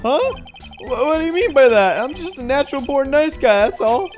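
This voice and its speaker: A woman doing a brash, loud young guy. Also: high voice, normal speed, faint music behind, voice pushed up. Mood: whiny. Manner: loud, stammering, excitable.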